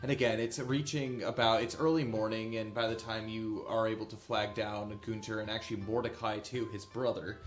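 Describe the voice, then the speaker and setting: Low-voiced man narrating a tabletop game. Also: steady tone. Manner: casual, halting, many fillers. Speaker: game master. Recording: echoey room with faint music.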